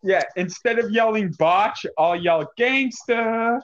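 A man's voice: high voice, slow, fairly bright tone, lo-fi sound. A man casually telling a story on a podcast, laughing often as he goes. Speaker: podcast co-host.

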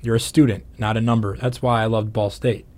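A man's voice: lowish voice, level tone, fairly quick, darkish tone. A man, a news anchor, chatting casually with a colleague in a playful, easy-laughing way. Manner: playful, laughs easily, asks questions. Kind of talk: casual chat.

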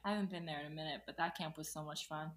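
A young woman from New York, a podcast guest, telling animated stories with lots of laughter and quick put-on voices. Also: sits low. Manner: animated storyteller, laughs often, acts out quoted voices. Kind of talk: casual podcast chat.

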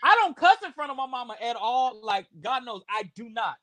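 A man from Houston co-hosting a casual chat, animated and profane, often stammering and restarting. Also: extremely high pitch, a little fast, crowd noise. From Houston, Texas. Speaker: podcast co-host.

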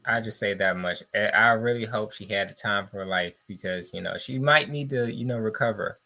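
A man co-hosting a podcast with measured, easygoing asides in casual banter. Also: on the low side, vocal fry, bright, forceful tone. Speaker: podcast co-host.

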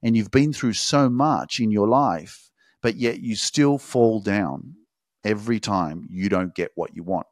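Low-voiced, intense motivational podcast man. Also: no echo, studio quality. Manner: intense, profane, emphatic, drawn-out phrasing. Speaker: podcast host. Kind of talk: motivational monologue.

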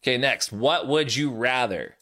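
Bright-voiced teasing male podcast host. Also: medium pitch, moderate pace. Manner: laughing, teasing, sets up games. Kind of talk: casual chat.

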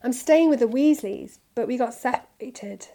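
A woman's voice: a little high, moderate pace, warm tone, pitched above the performer's own voice, lightly acted. A woman reading aloud, voicing an earnest young boy wizard close to her own voice. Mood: plain.

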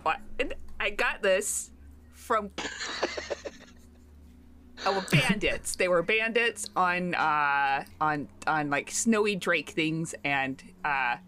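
A woman's voice: lowish voice, takes it slowly, bright, forceful tone, slight background noise. A woman voicing a chatty, folksy young woman adventurer who drawls greetings and rambles.

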